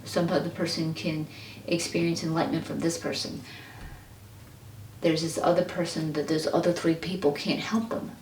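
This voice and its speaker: A woman's voice: low voice, little pitch movement, normal speed, darkish tone, distant mic. A woman giving a pick-a-card tarot reading, speaking straight to her viewers in an earnest, encouraging way. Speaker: tarot reader. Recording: echoey room, mic set back, faint noise.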